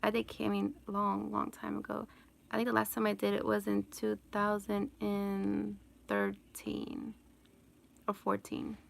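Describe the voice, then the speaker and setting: Unhurried and completely flat in delivery, this woman speaks at a medium pitch with vocal fry. She's a vlogger on a live stream, rambling through viewer questions with frequent laughter and constant "like" and "you know".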